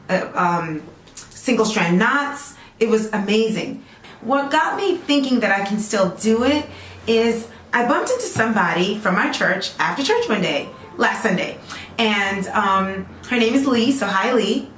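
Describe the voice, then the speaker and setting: A woman's voice: mid-range voice, fairly bright tone. Woman rambling to her viewers, keeps saying okay?, roomy echo and faint background hum. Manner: chatty, rambling, talks straight to viewers with lots of "okay?". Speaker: natural hair vlogger selling her own products. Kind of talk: casual chatty vlog.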